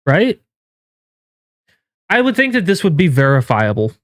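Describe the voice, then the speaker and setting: A man streaming live, reacting in casual commentary with incredulous, swearing outbursts that jump up in pitch. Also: big pitch swings, a little slow, no room sound, clean studio sound. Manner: incredulous, swearing, rising to yelps of disbelief. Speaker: game streamer and YouTuber.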